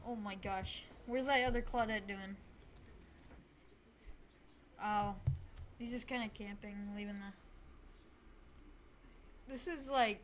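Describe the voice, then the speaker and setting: A woman hosting a gaming channel, giving casual, excitable commentary while she plays, often pleading and shouting at the game. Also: medium pitch, slow pace, long pauses, a little hiss or hum. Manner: excitable, frequent exclamations and pleading.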